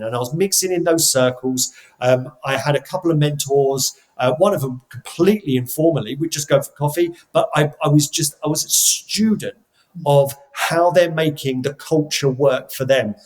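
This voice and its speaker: A middle-aged man from England talks through his career as a podcast guest, his voice pitched a little high for a man. He speaks reflectively and tells stories, often stumbling over the first words of a sentence before he finds his point. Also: moderate pace, a little mellow, low-quality recording. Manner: thoughtful, frequent restarts and repeated words. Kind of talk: reflective storytelling.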